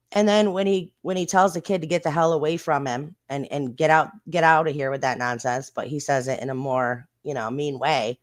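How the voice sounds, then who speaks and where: Blunt, indignant livestream host. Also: medium pitch. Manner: blunt and indignant, with mild swearing; chatty, talks straight to the viewers. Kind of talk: casual livestream commentary on viral videos.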